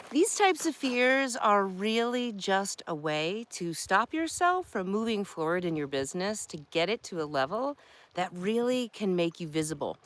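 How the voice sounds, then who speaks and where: A woman's voice: mid-range voice, fairly bright tone. A woman from New York, a marketing coach, talking directly and chattily to her phone camera outdoors. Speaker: marketing coach and live streamer. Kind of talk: casual talking-head vlog. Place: outdoors by a creek. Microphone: phone held by hand.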